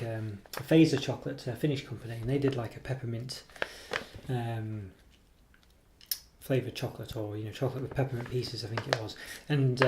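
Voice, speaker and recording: A man's voice: medium pitch, noisy background. Rambling man reviewing chocolate. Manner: rambling and hesitant, with many ums and self-corrections; self-deprecating. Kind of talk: casual product review.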